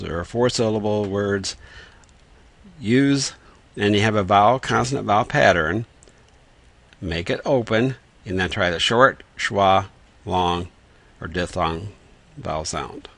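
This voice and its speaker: Low gravelly man teaching reading. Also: fairly bright tone, dry recording. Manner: patient, methodical, sounds out words slowly. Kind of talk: explanatory lesson with whiteboard.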